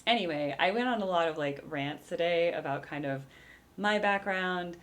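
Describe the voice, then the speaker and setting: Low-voiced chatty woman from small-town California. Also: normal speed, fairly bright tone. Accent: Northern California small-town. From Redding, California. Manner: chatty and rambling, many likes and asides. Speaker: reaction video host, vocal coach. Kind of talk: casual chat.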